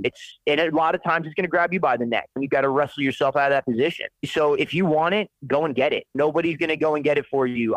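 A man's voice: a little high, no room sound, rough recording. A man who runs a welding business, talking bluntly and profanely in a motivational way on a casual podcast interview. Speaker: independent welder and business owner.

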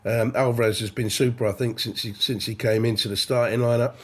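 Regular-pitched guy on a football podcast, calm and full of stats. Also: fairly quick. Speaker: podcast co-host. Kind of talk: casual football chat.

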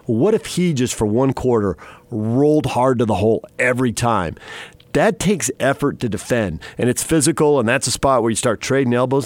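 A man's voice: mid-range voice, dry recording. A man hosting a sports radio show, chatting and teasing his co-host, then reading the news update in a studio. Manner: chatty, teasing, laughs often.

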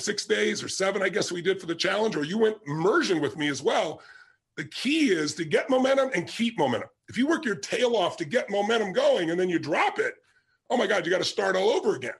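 Middle aged guy giving a pep talk, kinda high voice, husky and breathy, storytelling and emphatic. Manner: emphatic storytelling, punching key words. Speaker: motivational speaker. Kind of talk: motivational talk to an audience.

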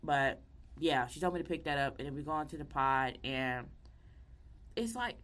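A young woman casually telling a personal story, animated and acting out the people she quotes. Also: low voice, normal speed. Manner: animated, acts out quoted voices.

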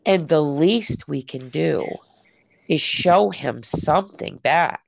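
Gravelly-voiced woman telling lively faith stories. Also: low-pitched, takes it slowly, no echo. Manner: animated storytelling, acts out her own prayers. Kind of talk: casual faith conversation.

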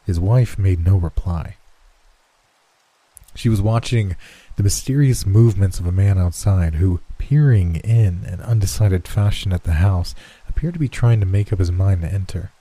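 A man narrating a horror story in a slow, somber storytelling manner. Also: sits low, dark tone, slightly rough, no room sound. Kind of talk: scripted horror story reading.

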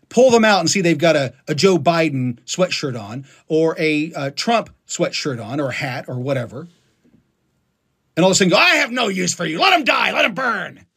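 A man's voice: on the high side, slightly rough. A man hosting a live stream, delivering an emphatic, passionate rant with frequent restarts. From United States. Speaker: political livestream host. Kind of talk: ranting monologue on a live stream.

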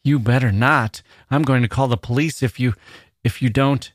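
A man's voice: mid-range voice, steady tone, moderate pace, no echo, clean studio sound, pitched above the performer's own voice, close to an everyday voice. Man putting on a frightened teenage girl.

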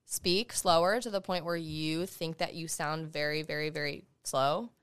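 A young woman, a law student guest on a podcast, talking fast and emphatically in casual conversation as she gives advice. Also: low-pitched, steady tone, fairly bright tone, clean tone, no room sound, clean studio sound.

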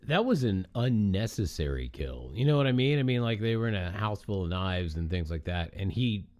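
Brief: male podcast co-host, low and very expressive, dry close sound. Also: moderate pace, dry recording. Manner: animated, emphatic storytelling. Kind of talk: casual chat.

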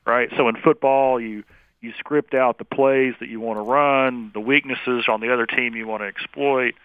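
Brief: a measured male guest, phone-quality audio, dry sound. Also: medium pitch, fairly even intonation, clean tone, no room sound. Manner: measured, explanatory. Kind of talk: conversational interview. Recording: tinny phone line.

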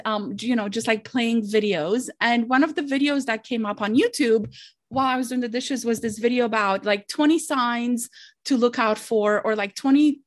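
A woman guest telling her story in a casual, chatty way, laughing often and saying "like" and "dude" a lot. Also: fairly high pitch. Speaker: podcast guest.

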